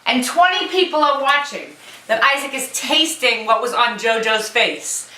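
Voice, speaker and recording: Woman telling an animated family story, bright voice, echoey room, mic set far off. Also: a little high, normal speed. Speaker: mother. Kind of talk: home video anecdote.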